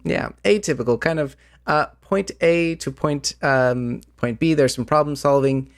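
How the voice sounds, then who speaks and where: A man's voice: fairly high pitch, a little slow, creaky, dry recording, studio quality. A man hosting a podcast as game master, chatting casually with many fillers and restarts, his voice slightly worn. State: voice slightly going out. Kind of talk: casual chat about tabletop games.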